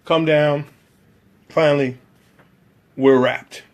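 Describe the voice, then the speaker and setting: Slow and steady, with a voice on the high side and a little mellow, a man tells of his own experience as a background actor, voicing the other people's lines in changing voices.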